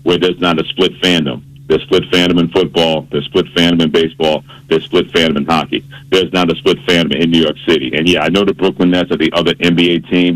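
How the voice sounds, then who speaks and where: Deep-voiced man on sports radio. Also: poor audio. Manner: playful, teasing, storytelling. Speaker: radio show host. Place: radio studio. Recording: radio broadcast.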